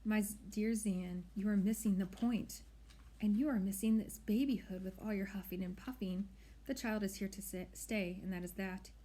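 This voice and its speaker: A woman voicing a kindly, doting old witch who talks soothingly and teases gently. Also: medium pitch, fairly even intonation, normal speed, lightly acted.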